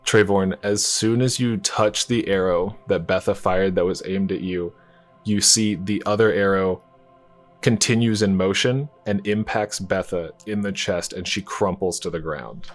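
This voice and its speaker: Deep-voiced man narrating as game master. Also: measured pace, faint music behind. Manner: descriptive, calm storytelling.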